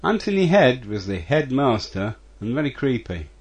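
Male listener reading prepared feedback notes, animated pitch, husky voice. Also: normal speed, highs cut off. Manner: reads notes in a list-like way. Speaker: listener sending audio feedback. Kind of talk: read-out audio message.

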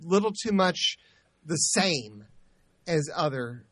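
A man's voice: on the high side, big pitch swings, slow, a bit bright, no echo, studio quality. A man co-hosting a podcast in casual chat, who often stammers and repeats words. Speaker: podcast co-host.

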